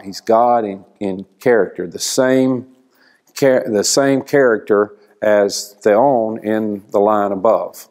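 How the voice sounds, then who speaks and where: A man teaching a church Bible class, explaining slowly and asking the class questions. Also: on the low side, a little mellow.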